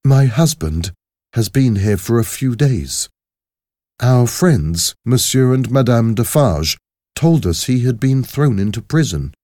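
A man's voice: fairly high pitch, sing-song, measured pace, hardly any pauses, darkish tone, slightly rough, no room sound, clean studio sound, voice pushed up, exaggerated voice. A man voicing a distressed young woman pleading for her jailed husband in a storybook reading. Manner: distressed, urgent.

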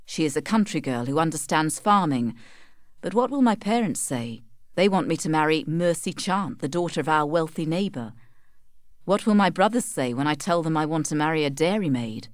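A woman's voice: deep voice, lively intonation, normal speed, no room sound. Woman reading as an earnest young farmer in love. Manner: earnest, gentle, persuasive.

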